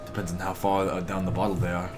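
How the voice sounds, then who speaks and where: A man running a tabletop game as game master, narrating in a laid-back, halting way over background music. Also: low voice, little pitch movement.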